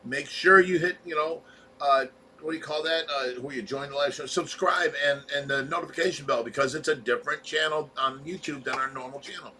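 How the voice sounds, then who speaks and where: A man's voice: a little high, a little fast, sharp tone, a little hiss or hum. A man co-hosting a casual livestream chat, reading viewer comments and talking in long run-on explanations. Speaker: co-host of a fish rescue livestream.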